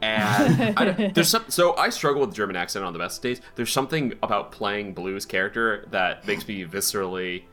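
A deep-voiced man runs a tabletop game with relaxed, rambling narration full of "uh" and "like". His tone is bright and forward, with soft music playing behind him. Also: moderate pace, hardly any pauses. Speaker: game master.

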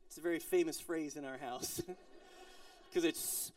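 A middle-aged pastor preaches to his congregation in a relaxed, conversational way. He jokes and tells family stories, then lowers his voice to near a whisper for his serious points. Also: measured pace. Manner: conversational, storytelling, playful asides, drops to soft intensity. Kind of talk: sermon. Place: church service in an office building.

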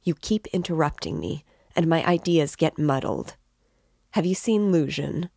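A woman's voice: low voice, a little slow, vocal fry, dark tone, dry recording, clean studio sound, exaggerated voice. A woman voicing a tormented, feverish young man who speaks curtly and in a strained, broken way. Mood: irritable.

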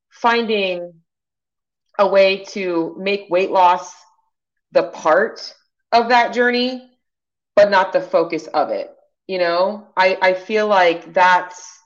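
A woman's voice: low voice, muffled recording. A woman co-hosting a casual podcast, coaching her partner in a chatty, encouraging way with many fillers. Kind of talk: casual chat.

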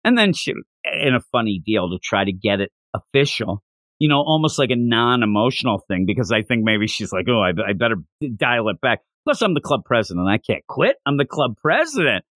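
Animated man recapping with acted-out lines. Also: medium pitch, fairly quick, dry recording. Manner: animated, acts out character lines in raised voices. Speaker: podcast co-host. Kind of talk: casual anime recap chat.

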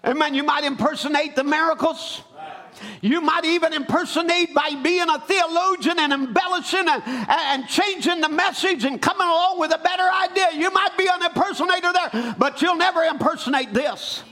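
A man preaching a sermon, rising from calm storytelling into loud, fervent exhortation. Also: extremely high pitch, normal speed. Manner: building to shouted exhortation.

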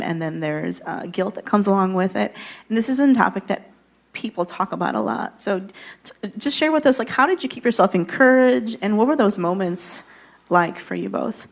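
Woman host, mid-pitch, affirming; steers a faith interview with gentle questions. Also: normal speed, gravelly. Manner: affirming, frequent amens and encouragement.

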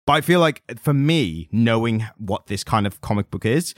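A man's voice: mid-range voice, expressive, moderate pace, no room sound, studio quality. A man co-hosting a podcast, chatting casually about comics and explaining at length with lots of fillers. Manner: rambling, explains at length with many "like"s. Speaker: podcast co-host.

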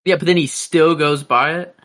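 A man in casual chat, eager and restless, thinking out loud. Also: on the high side, fairly even intonation, normal speed.

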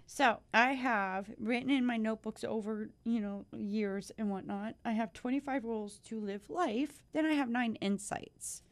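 A woman hosting her own life-coaching podcast, talking in an effusive, grateful way with many restarts, teary from joy. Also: a little high. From United States. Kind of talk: casual podcast monologue.

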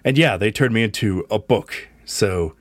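A wise old wizard trapped inside a talking book, gentle and rambling as he reassures a friend, played by a man. The voice sits very low and is recorded dry and close in an actual-play game. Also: normal speed, dry recording, lightly acted.

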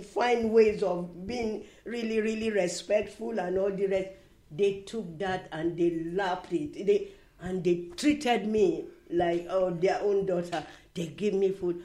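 An older woman with a foreign accent, telling stories in a casual chat, full of fillers and restarts. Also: mid-range voice. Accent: foreign-accented English. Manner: warm storytelling, many "you know" fillers and restarts. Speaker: interviewee.

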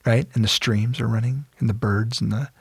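A man hosting a casual podcast, retelling a Bible story in an animated way and acting out its characters in quick casual voices. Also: mid-range voice, vocal fry, slightly rough, dry recording.

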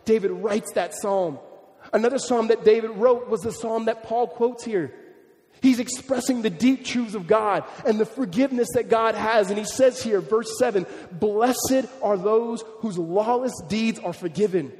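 High-voiced preacher in a reverberant hall. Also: male voice, normal speed. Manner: storytelling preacher acting out quoted voices, swinging from hushed to emphatic. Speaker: pastor. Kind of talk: sermon. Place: church hall.

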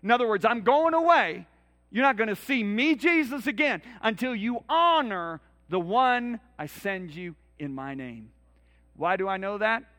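A man preaching a sermon in a church, telling Bible stories dramatically and acting out the voices, swinging from loud to hushed. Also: high voice, animated, unhurried, long reverb tail.

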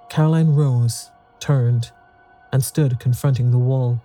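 A narrator reading a ghost story aloud in a measured storytelling manner. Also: medium pitch, steady tone, mellow, faint music behind.

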